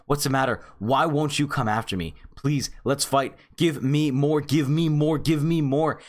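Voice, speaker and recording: A man reading the lines of a demanding boxing champion from a comic, in his own fairly high voice, pleading and insistent. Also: a little slow, close to an everyday voice.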